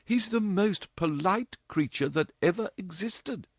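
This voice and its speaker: In a read-aloud storybook, a male narrator puts on the voice of a cheeky, outspoken young woman chattering with teasing mock drama. It's a full character voice, high and freely swinging, animated and a little slow. The sound is dry with no echo.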